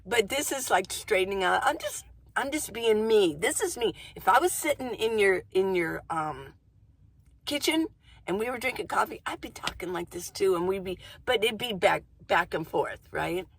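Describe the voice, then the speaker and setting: A woman vlogger talking casually to camera from inside her van, chatty and goofy, rambling fast and laughing often. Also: medium pitch, animated, slightly rough, no room sound. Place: inside a minivan.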